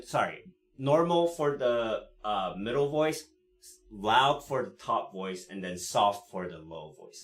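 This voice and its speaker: A man teaching cello in a live lesson, explaining in a relaxed way with many fillers and frequent "right?" checks, pausing to play the instrument. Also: fairly low pitch. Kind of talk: live online music lesson. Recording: roomy sound with cello playing. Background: cello playing between phrases.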